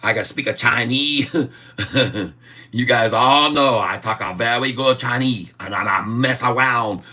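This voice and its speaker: A man's voice: medium pitch, very slow, a bit bright, voice pushed up. A man putting on an exaggerated broken-English caricature voice, sing-song and giggling. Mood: cheeky. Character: cartoonish broken-English foreign man, cheeky boaster.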